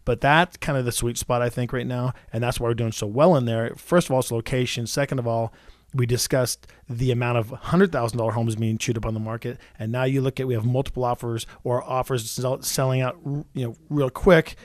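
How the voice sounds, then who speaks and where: Fast-talking man in his forties. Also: mid-range voice, steady tone, no room sound, studio quality. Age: 40s. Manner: rapid, with frequent restarts and repeated words. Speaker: real estate agent and show host. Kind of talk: casual radio talk.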